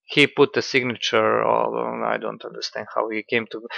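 A man giving casual political commentary in a halting, sardonic way, full of fillers. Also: fairly low pitch, steady tone, creaky, pushed and bright, no echo.

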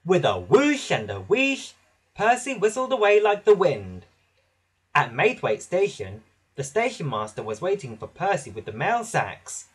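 A man narrating a children's storybook in a lively, animated way. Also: high voice, a little slow, breathy edge.

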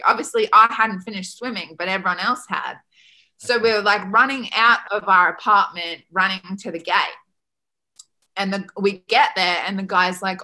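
An Australian woman in her twenties tells a story as a podcast guest, with a bright, forceful voice. She talks casually and animatedly, scatters "like" through every sentence, and acts out the other people in the story as she goes. Her pitch sits in a medium range. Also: normal speed. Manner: animated, peppered with "like", acts out quoted dialogue.

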